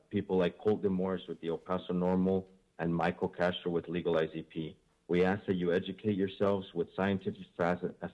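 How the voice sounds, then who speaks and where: Man, very deep voice, measured prepared statement, muffled lo-fi line. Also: darkish tone. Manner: measured, reads from prepared remarks. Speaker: public commenter. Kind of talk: prepared public comment. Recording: dull lo-fi phone line.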